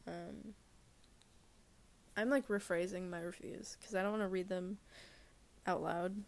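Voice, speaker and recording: A woman's voice: lowish voice, steady tone, measured pace, gravelly. A woman giving rambling, casual movie reviews alone in her bedroom, full of fillers, restarts and trailing thoughts.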